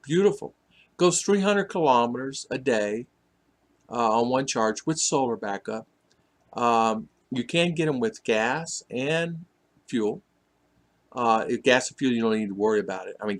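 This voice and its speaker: A man's voice: medium pitch, moderate pace. A man hosting a casual live stream, reading viewers' comments aloud and teasing them in a chatty way. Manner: teasing, chatty, laughs often.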